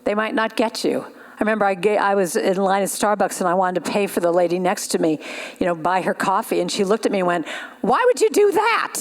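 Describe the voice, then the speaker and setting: A woman's voice: medium pitch, steady tone. Woman telling stories at a spiritual service. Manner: warm storytelling with acted-out voices, then leads a slow sung chant. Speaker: guest speaker and singer at a spiritual center. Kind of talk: storytelling talk ending in a sung chant.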